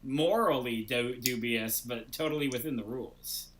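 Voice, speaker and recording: Bright-voiced man hosting a comedy show. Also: medium pitch, moderate pace, low-quality recording. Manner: playful, joking, trailing off with fillers. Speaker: host of an improv comedy show. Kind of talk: casual comedic banter.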